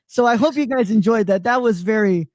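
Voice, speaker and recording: A man's voice: high-pitched, a little fast, no room sound. A man hosting a live online show, rambling and stalling with lots of restarts, on a close microphone. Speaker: host. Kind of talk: casual live-stream chat.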